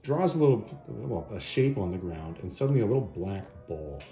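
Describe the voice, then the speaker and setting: Guy retelling a comic plot, mellow low voice, lively pitch, echoey room. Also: brisk, vocal fry, faint music behind. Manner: rambling, self-correcting. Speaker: video host, comic reviewer. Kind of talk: casual story recap.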